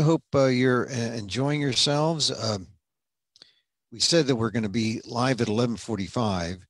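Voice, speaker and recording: A man's voice: mid-range voice, slightly rough, no room sound. Rambling man hosting a livestream, dry sound. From United States. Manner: rambling, chatty, many fillers and restarts. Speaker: museum director hosting a livestream. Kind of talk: casual livestream talk.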